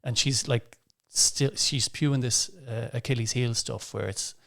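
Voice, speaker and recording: A man's voice: mid-range voice, steady tone, unhurried, creaky, fairly bright tone. An Irish man, a stand-up comedian, talking as a guest on a casual podcast in a wry, grumbling, self-deprecating way.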